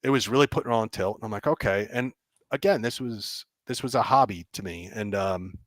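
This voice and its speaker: A man, a game developer, telling animated stories as a guest and acting out people's reactions with frequent laughs. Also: lowish voice, a little fast, no room sound. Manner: excitable, acts out reactions, laughs often. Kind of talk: animated storytelling.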